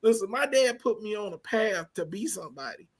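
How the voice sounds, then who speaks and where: A man co-hosting a casual movie review podcast, ranting animatedly with big swings from loud to quiet. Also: high-pitched, animated, a little fast, breathy edge. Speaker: podcast co-host.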